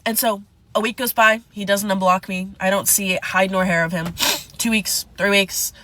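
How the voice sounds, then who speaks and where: A woman with a bright, forceful voice tells a messy personal storytime, dramatic and profane. Her voice is recorded dry and close. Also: mid-range voice, steady tone, moderate pace, no echo. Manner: dramatic, profane, addresses viewers as "divas". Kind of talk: casual storytime.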